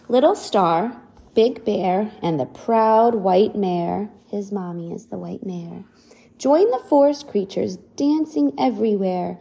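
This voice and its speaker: A woman reading a picture book aloud to a child, pausing to ask questions about the pictures. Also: medium pitch, gravelly. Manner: animated, asks the child questions. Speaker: reader to a child.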